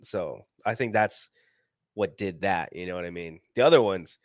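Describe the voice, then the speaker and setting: A man's voice: deep voice, normal speed, dry recording, clean studio sound. A man chatting casually on a podcast, laid-back and loose with slang. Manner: laid-back, casual, says "dude" and "you know what I mean". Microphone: podcast studio mic.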